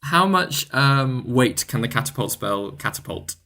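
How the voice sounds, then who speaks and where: A man's voice: medium pitch, lively intonation, measured pace, pushed and bright. Guy running a d&d game, chatty, lots of likes and ums. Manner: chatty, filler-heavy narration. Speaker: game master. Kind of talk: narrating a tabletop game.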